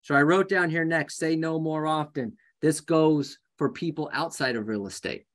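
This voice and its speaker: A man coaching a live group of real estate agents in a lively, joking way, often acting out conversations. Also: on the high side, normal speed. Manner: animated, jokey, acts out conversations.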